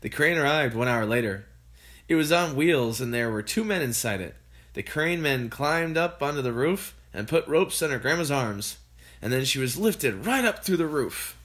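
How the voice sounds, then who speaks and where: Someone reading a children's book aloud in an expressive, animated way. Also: mid-range voice, normal speed. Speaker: storybook reader.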